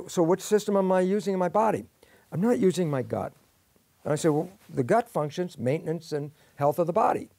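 Older man explaining with lively storytelling. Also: on the high side, dry recording. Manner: lively storytelling, acting out his own questions and answers. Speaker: guest expert. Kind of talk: explanatory interview talk.

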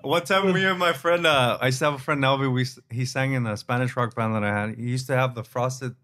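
A man's voice: mid-range voice, fast, a bit bright. A man co-hosting a podcast who chats casually, asks questions and tells stories, swearing and switching between English and Spanish. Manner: asks questions, keeps the conversation going. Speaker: podcast co-host. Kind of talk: casual chat.

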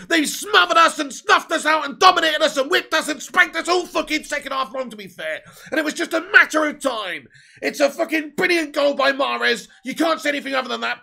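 A man rants through a live football watchalong, swearing and exasperated. His voice sits very high and bright, with a gravelly edge. He shouts a lot. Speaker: fan reacting to a match.

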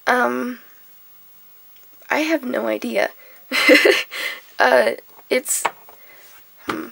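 A young woman vlogger, sick and hoarse, chatting in a rambling, scattered way and giggling as she loses her train of thought. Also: a little high, drawn-out words, fairly bright tone, no echo, low-quality recording. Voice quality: gravelly. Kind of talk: casual chat.

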